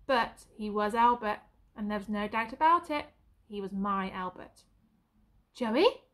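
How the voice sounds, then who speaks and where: A woman teacher reading a story aloud with an expressive, varied delivery. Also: mid-range voice, normal speed.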